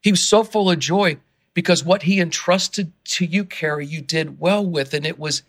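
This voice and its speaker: A man, an author and guest on a podcast interview, who gets excited and worked up as he talks, often restarting his sentences. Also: a little high, normal speed.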